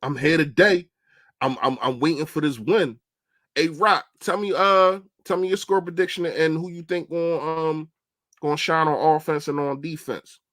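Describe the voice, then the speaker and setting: A man's voice: on the high side, fairly bright tone, no echo. A young man on a casual football livestream, chatting animatedly and answering viewers' comments. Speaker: livestream host. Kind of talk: casual live-stream football talk.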